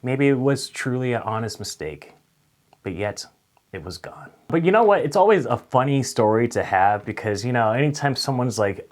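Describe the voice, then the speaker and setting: A young man telling a funny story straight to camera, swinging from loud acted-out outbursts to low mutters. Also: moderate pace. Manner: animated, swings between loud outbursts and mutters, acts out voices. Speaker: storyteller vlogger.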